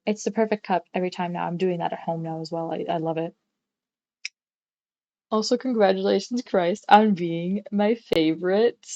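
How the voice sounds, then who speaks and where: A young adult woman talks on a livestream from her bedroom, rambling casually and now and then swearing. Her fairly low, mellow voice moves at a moderate pace, and the recording sounds muffled.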